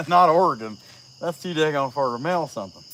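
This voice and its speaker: A man's voice: on the high side, animated, normal speed, a bit bright, a little hiss or hum, poor audio. Folksy Ohio man chatting on a livestream. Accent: Appalachian Ohio. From Southeast Ohio, US. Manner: folksy, joking, reads out viewer names. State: out of breath. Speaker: chainsaw carver livestreaming. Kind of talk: casual livestream chat while working. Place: outdoors at a rural carving spot.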